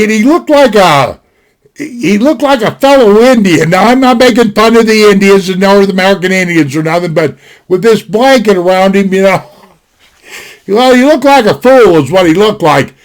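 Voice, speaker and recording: In a desktop recording, a fairly high-voiced man spins a meandering, folksy tale from his desk. His delivery is expressive, moderately paced and conversational throughout, with frequent sentence restarts and side tangents.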